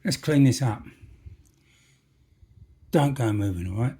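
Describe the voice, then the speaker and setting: Unhurried and pausing often, a man with a mellow, mid-range voice and lively intonation talks through a job at his workbench, with a slight hiss or hum in the audio. He's a model railway hobbyist, chatty and fond of little jokes as he works.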